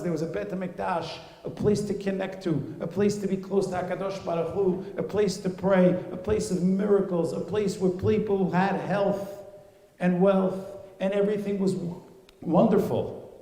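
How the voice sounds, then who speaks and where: A man's voice: on the low side, warm tone. A man voicing a grieving mother in a story, impassioned and building as she speaks. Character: grieving mother, pleading with her son. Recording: reverberant hall.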